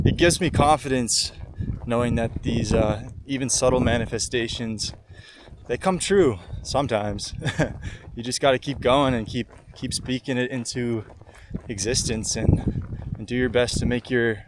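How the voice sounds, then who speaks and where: Brief: male walker-vlogger, earnest and upbeat, mid-pitched voice, heavy wind noise on an outdoor roadside recording. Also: a little slow. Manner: earnest, upbeat and reflective, with small laughs. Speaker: long-distance walker vlogging his journey. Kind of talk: casual vlog monologue.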